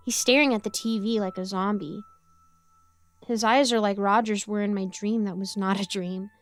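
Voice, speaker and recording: A woman narrating a first-person horror story with a playful, girlish delivery and sudden yelps and giggles. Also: a little high.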